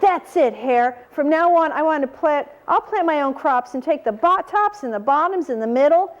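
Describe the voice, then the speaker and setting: Grumbling cheated storybook bear, read by a woman, higher pitched. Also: lively intonation, moderate pace, lo-fi sound. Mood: indignant. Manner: indignant complaining. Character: grumbling tricked male bear.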